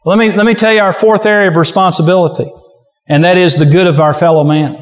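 A pastor preaching a sermon with forceful, repetitive exhortation. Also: male voice, sits high, fairly even intonation, fast talker, in a large hall.

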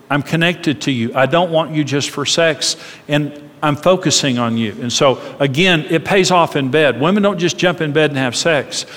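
A middle-aged man with a fairly high voice speaks in a sermon-style marriage talk. He is animated and acts out little voices in his stories. The sound carries a long reverb from a large hall.

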